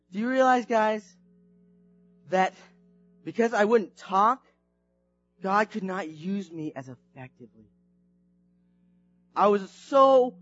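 Male preacher, high voice, lively storytelling sermon, dull dry recording with faint music under it. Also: dry recording. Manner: animated, swings from hushed to shouting.

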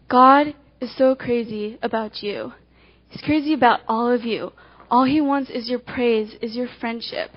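A woman with a high voice delivers a devotional talk, acting out little scenes as she goes. Her storytelling is animated, rushing ahead and then slowing for emphasis. The sound is dull and lo-fi. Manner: animated storytelling, swinging between quick and slow emphasis. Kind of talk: devotional talk with acted illustrations. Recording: dull lo-fi recording.

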